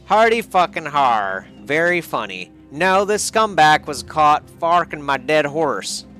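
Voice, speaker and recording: A man's voice: on the high side, big pitch swings, takes it slowly, pushed and bright, faint music behind, full character voice. A man putting on a coarse, grumbling horse owner. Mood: scornful.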